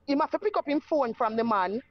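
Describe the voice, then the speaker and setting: A woman's voice: high voice, animated, fairly quick, no room sound, lo-fi sound. A woman with a Jamaican accent tells her own story in casual talk and acts out the voices of the people in it. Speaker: guest telling her story.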